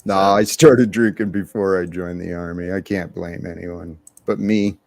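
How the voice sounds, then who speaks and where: A man's voice: sits low, steady tone, unhurried, creaky, a little mellow, no echo. A man hosting a live panel chat, talking in an earnest, reflective way and laughing easily.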